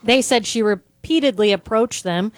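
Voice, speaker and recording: A woman's voice: fairly high pitch, normal speed, dry recording. A woman host reading odd news stories aloud in a casual, wry way, breaking into laughs now and then.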